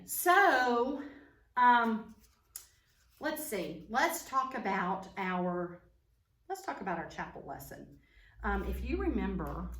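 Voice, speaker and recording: A woman teaching preschoolers over video, using a lively, sing-song voice for small children. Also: medium pitch. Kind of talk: online preschool lesson. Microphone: camera mic. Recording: roomy sound, a bit far from the mic.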